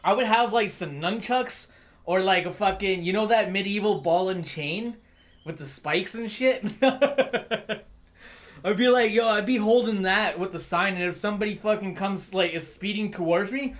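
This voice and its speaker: A man with a high voice chats on a stream. He rambles and swears nonstop. His laughs keep breaking into his stories. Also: normal speed, a bit bright. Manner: profane, rambling, laughs often. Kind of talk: casual chat.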